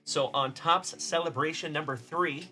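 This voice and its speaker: A man's voice: fairly high pitch, measured pace, pushed and bright, faint music behind. A middle-aged man from South Texas hosting a casual card-breaking livestream, chatty and upbeat, greeting viewers by name.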